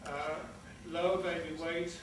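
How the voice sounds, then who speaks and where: A man's voice: a little high, little pitch movement, unhurried. Older man, earnest, in an echoey hall. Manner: earnest, emphatic warning. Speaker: award recipient. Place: large conference hall. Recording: echoey hall from far off, noisy.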